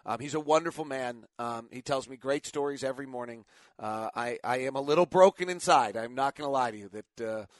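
A man's voice: medium pitch, a little fast, dry recording. A middle-aged man hosting a casual sports talk show, a rambling storyteller who keeps correcting himself, tired after little sleep.

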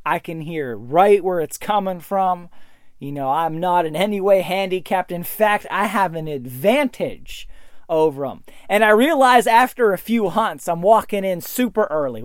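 A man's voice: sits high, expressive, normal speed, no room sound, studio quality. Enthusiastic man telling a hunting story. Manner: enthusiastic, storytelling, repeats words. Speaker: hunter reviewing hearing protection earbuds. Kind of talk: casual product review.

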